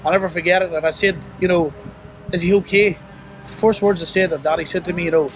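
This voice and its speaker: A young man telling a painful personal story in an interview, halting and remorseful, with many restarts and fillers. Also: faint music behind. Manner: halting, full of "you know" and restarts; remorseful, low and subdued.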